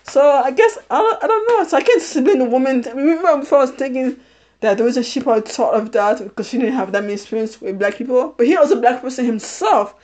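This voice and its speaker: A woman in her thirties with a fairly high voice, chatting on her podcast. She keeps laughing as she talks and often goes back over her own phrases to restart them. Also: expressive, quick pace, a little mellow. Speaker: podcast host. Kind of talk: casual personal storytelling.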